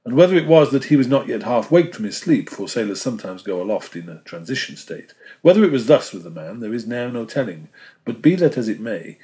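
A man reading a classic novel aloud as an audiobook narrator, measured and dropping softly at the ends of phrases. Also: medium pitch. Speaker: audiobook reader.

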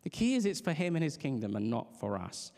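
A man's voice: a little high, sing-song, a little fast, vocal fry, mellow. Earnest preacher man in a reverberant hall. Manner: conversational, earnest, with frequent restarts and light laughs. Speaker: pastor. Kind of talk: sermon. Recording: long reverb of a large hall.

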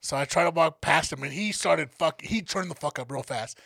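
A man co-hosting a podcast, telling stories in a casual, animated and profane way. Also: on the high side, brisk, vocal fry, slightly rough, no echo. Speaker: podcast co-host. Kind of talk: casual storytelling chat.

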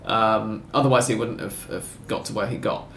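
A man's voice: fairly low pitch, fairly even intonation, moderate pace, creaky, a bit bright, echoey room, a little hiss or hum. A man hosting a casual football podcast, talking in long rambling sentences with wry self-corrections. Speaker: podcast host.

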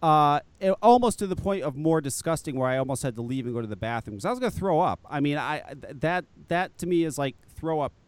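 A man hosting a podcast, telling a story in casual chat, animated and profane, laughing often. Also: fairly high pitch, fast talker, few pauses, clear, resonant tone, dry recording. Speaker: podcast host.

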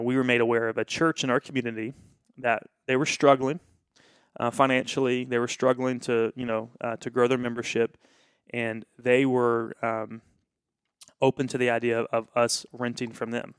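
A man's voice: medium pitch, clear, resonant tone, no room sound, studio quality. A man who is a pastor, telling a story in casual conversation and acting out the quoted dialogue with animation.

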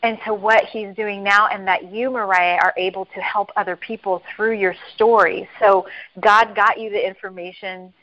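A woman's voice: mid-range voice, steady tone, moderate pace, sharp tone, highs cut off. A woman hosting a group video call, speaking earnestly about faith with many fillers.

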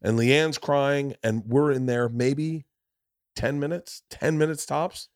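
A man hosting a podcast, telling a long story in casual, animated chat with lots of swearing and restarts. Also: mid-range voice, slow pace, no room sound, clean studio sound. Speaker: podcast host, comedian.

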